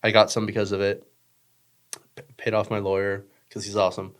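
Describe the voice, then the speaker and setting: A young man with a lowish voice talks loosely on a podcast. He rambles through filler words, swears freely and cracks jokes at his own expense. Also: monotone, fairly quick. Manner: rambling, profane, joking, lots of fillers. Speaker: podcast guest. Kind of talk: casual chat.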